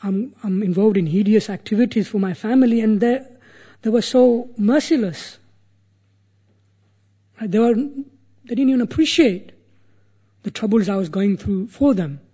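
A man's voice: high-pitched, normal speed, long pauses, dark tone, breathy edge, pitched above the performer's own voice. A man voicing a former hunter turned sage who earnestly questions himself aloud, in a retold sacred story. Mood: aggrieved.

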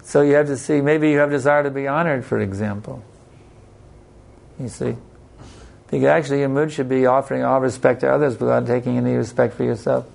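Male religious teacher, gravelly mid-range voice, unhurried plain-spoken delivery with anecdotes. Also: mid-range voice, fairly even intonation, darkish tone. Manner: unhurried, plain-spoken, tells personal stories. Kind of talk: devotional scripture class talk.

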